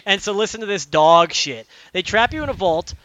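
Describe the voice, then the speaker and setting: A man's voice: high-pitched, expressive, a little fast, a bit bright, muffled recording. A young man in casual chat, ranting animatedly about a game's story with plenty of swearing and fillers. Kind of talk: casual chat, retelling a video game story.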